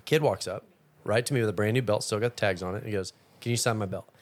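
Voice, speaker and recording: Man, podcast host, quick and playful, joking storyteller, casual talk. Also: lowish voice. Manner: teasing, lively storyteller. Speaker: podcast host and rodeo roper.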